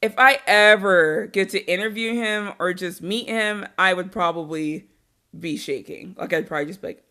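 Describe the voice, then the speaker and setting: Woman guest on a podcast, animated and laughing a lot, swears casually, mid-pitched voice. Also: moderate pace. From Arizona. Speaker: podcast guest, wrestling interviewer.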